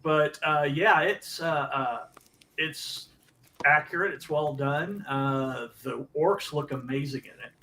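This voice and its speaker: A man's voice: on the high side, takes it slowly, bright, forceful tone, low-quality recording. Hesitant man with faint hiss. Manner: hesitant, many ums and uhs. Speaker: panelist. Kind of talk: casual panel chat. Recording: faint background noise.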